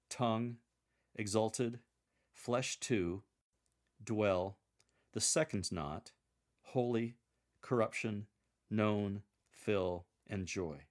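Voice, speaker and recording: Low-voiced man coaching Scripture readers. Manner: measured, deliberate, explanatory. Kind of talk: coaching on reading Scripture aloud.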